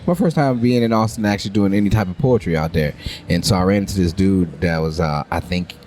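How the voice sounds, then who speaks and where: A man's voice: low voice, fast talker, slight background noise. A young man from New Orleans hosting a casual podcast chat, telling stories with lots of acted-out voices. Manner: animated storytelling, acting out other people's voices. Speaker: podcast host.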